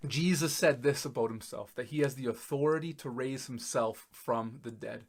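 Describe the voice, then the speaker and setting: A man preaching a sermon as pastor, emphatic, laughing in disbelief and swinging between loud and soft. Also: medium pitch, moderate pace, slightly rough. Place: church.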